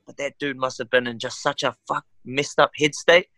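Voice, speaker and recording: A young man with a New Zealand accent, a fighter talking in a casual podcast interview, animated and slangy. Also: mid-range voice, moderate pace, no room sound. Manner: animated, slangy, says "bro" and "eh". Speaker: MMA fighter guest.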